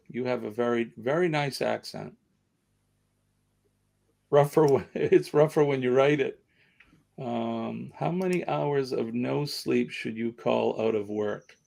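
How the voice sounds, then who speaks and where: Southern US man, live-stream host, gravelly voice, chatty and rambling. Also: medium pitch. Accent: American Southern. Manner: rambling, chatty, many fillers. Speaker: livestream host. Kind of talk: casual live-stream chat.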